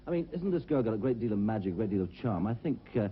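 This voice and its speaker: A man's voice: fairly low pitch, very animated, racing, breathy edge, muffled recording. A man giving a rambling, hesitant critique as a talent show judge, on worn 1970s VHS TV audio. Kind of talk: panel critique.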